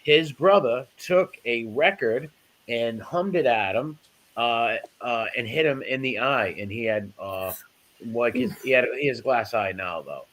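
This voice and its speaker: A man's voice: mid-range voice, a little slow, fairly bright tone. A man in casual chat, rambling through stories with lots of fillers and restarts.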